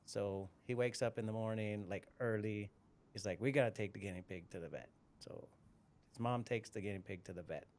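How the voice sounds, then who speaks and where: Middle-aged male host, low voice, loose rambling storyteller with lots of restarts. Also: fairly quick, darkish tone. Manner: rambling, repeats words, storytelling. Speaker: podcast host. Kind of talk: casual live interview chat.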